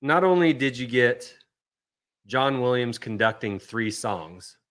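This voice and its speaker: A man co-hosting a casual podcast, relaxed and appreciative, trailing off softly. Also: mid-range voice, takes it slowly. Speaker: podcast co-host. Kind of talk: casual chat.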